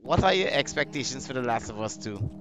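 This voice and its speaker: Bright-voiced male stream host. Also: medium pitch, animated, a little fast, soft background music. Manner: hesitant, repeats words. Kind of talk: casual gaming stream talk.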